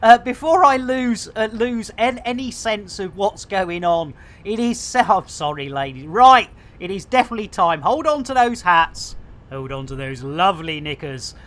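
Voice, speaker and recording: A woman's voice: medium pitch, expressive, moderate pace. A woman streaming a game, chatting casually to her viewers, rambling and punning with frequent giggles. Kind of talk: casual live-stream chat.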